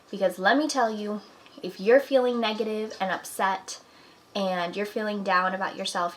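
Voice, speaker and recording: Bright-voiced young woman giving advice. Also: medium pitch, low-quality recording. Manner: earnest, encouraging, talks with "like" and "you know". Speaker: vlogger. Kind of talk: casual advice talk to camera. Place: apartment at home.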